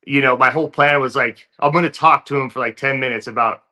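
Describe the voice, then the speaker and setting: A man sits as a guest in an interview and tells his story in a loose, easygoing way, leaning on plenty of fillers. His voice has a bright, forceful edge at a middle pitch. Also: fast. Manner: relaxed, filler-heavy storytelling. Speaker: interview guest, fighter turned actor.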